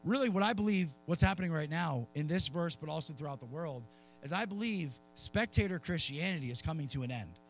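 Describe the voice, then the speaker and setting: High-voiced preacher man, earnest and chatty. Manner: conversational and earnest, acts out voices in anecdotes. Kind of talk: sermon with personal story. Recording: faint music underneath. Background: soft instrumental music.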